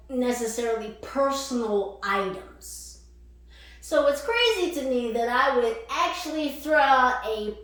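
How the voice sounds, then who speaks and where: A woman hosting a spiritual channel, telling a story in casual, animated, swearing talk and laughing often. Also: on the high side. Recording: echoey room, voice far from mic.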